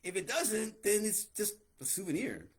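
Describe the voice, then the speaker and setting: A man co-hosting a podcast in casual, profane banter, animated and quick to laugh, with a husky voice. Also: high voice. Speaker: podcast co-host.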